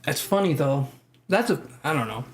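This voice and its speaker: A man's voice: on the high side, lively intonation, normal speed. A man hosting a live tarot stream, chatting casually and joking as he reads out viewer comments. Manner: chatty, jokey, laughs often. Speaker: tarot livestream host. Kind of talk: casual livestream chat, reading viewer comments.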